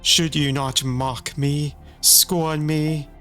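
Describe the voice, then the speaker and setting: A man voicing a vengeful, mocking female saint in a slow, theatrical game reading. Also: a little high, level tone, sharp tone, faint music behind, exaggerated voice. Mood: taunting.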